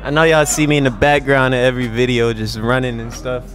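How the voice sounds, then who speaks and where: A man chatting casually in a sneaker store, relaxed and slangy. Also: medium pitch, quick pace, soft background music. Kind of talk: casual chat.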